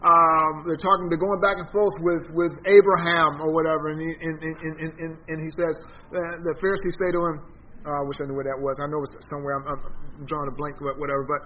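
A man leading an informal Bible study, animated and emphatic, often repeating words as he teaches. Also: a little fast. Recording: dull low-fi sound with faint noise.

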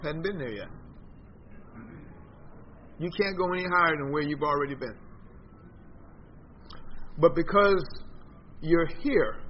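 Man leading a Bible class, high voice, conversational and emphatic, dull lo-fi recording, faint hiss. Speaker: Bible study teacher. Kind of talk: informal Bible class teaching.

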